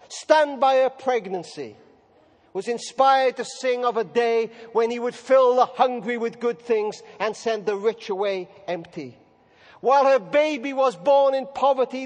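A man preacher giving a sermon, telling stories dramatically, moving between loud declaring and hushed tones. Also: very high-pitched. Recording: echoey hall reverb.

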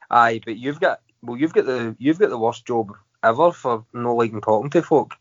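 A man's voice: mid-range voice, unhurried, dry recording. A Scottish man hosting a casual podcast chat, teasing his guest and laughing often. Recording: dry, dull lo-fi audio.

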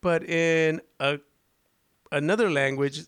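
A man's voice: on the high side, fairly even intonation, slow pace, fairly bright tone, smooth, no echo, studio quality. A man hosting a podcast, telling a rambling story with restarts and frequent laughter. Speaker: podcast host. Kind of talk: casual chat.

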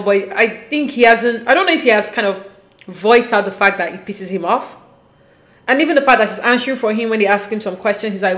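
A woman giving a casual, opinionated recap of a reality show, slipping quoted lines into her talk. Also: mid-range voice. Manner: animated, quotes people in quick asides. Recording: echoey room.

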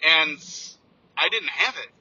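A man sharing an earnest, heartfelt personal testimonial with a slightly high, very bright and tense voice. He often restarts his sentences. The recording sounds dull and lo-fi. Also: takes it slowly, slightly rough. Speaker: computer teacher sharing a personal story.

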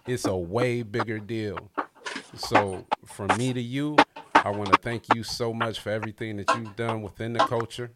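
A man's voice: lowish voice, steady tone, moderate pace, heavy background noise. Slangy podcast host hyping his guest. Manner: loose slangy talk, hypes up the guest. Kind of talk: casual interview chat. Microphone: video call.

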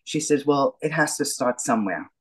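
Animated middle-aged New woman storyteller. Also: rumbling low, normal speed, breathy edge, low-quality recording. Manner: animated storyteller, acts out the dialogue. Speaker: guest. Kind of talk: telling her story in an interview.

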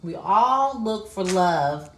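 A woman co-hosting a casual, heartfelt chat, talking haltingly and repeating herself as she speaks. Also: mid-range voice, expressive, noisy background. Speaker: co-host. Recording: echoey room.

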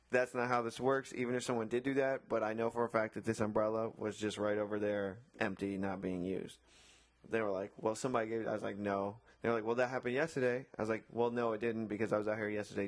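A man who works as a beach umbrella attendant, casually retelling a run-in with a customer, acting out both sides and swearing often. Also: on the low side. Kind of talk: casual storytelling chat.

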